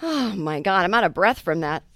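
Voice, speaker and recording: A woman hosting her comedy podcast, talking in a chatty, self-mocking monologue with quick asides. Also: fairly low pitch, big pitch swings, fairly bright tone.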